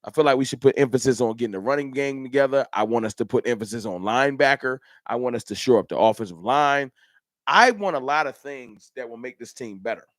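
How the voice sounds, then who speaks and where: A man's voice: mid-range voice, fast talker, no room sound, studio quality. A man hosting a casual fan livestream, talking straight to his chat viewers. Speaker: livestream host. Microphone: camera mic.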